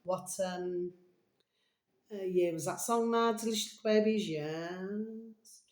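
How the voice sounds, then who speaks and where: A woman's voice: medium pitch, takes it slowly, a little mellow, reverberant. A woman hosting a chatty, rambling vlog, calling her viewers "babies" and drifting between topics. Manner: rambling, affectionate, calls viewers "babies", hums and sings snatches. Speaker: video host.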